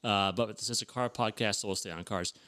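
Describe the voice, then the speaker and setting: A man's voice: lowish voice, steady tone, bright, forceful tone. A man co-hosting a casual car podcast, speaking in an easygoing, agreeable way. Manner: easygoing, agreeable, quick backchannels. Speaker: podcast co-host.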